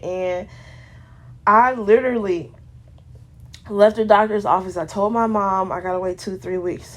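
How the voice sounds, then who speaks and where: Woman vlogger, personal testimony, casual slangy delivery, emotional, medium pitch.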